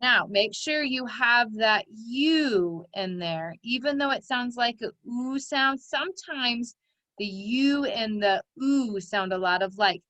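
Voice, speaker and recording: A woman's voice: on the high side, lively intonation, takes it slowly, bright, forceful tone, dry recording. A woman teaching phonics, patiently dictating words and stretching out their sounds for young children. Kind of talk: slow, clear teaching dictation.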